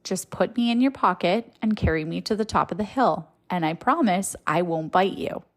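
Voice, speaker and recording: A woman's voice: lowish voice, lively intonation, normal speed. A woman voicing a sweet, persuasive male snake in a told story, coaxing and pleading.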